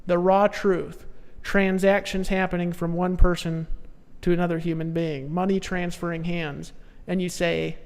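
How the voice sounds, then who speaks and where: A man speaking as a sales trainer in a motivational seminar, pushing his audience with repeated short commands, swinging between hushed storytelling and loud exhortation. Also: sits high, little pitch movement, measured pace, clean tone, long reverb tail.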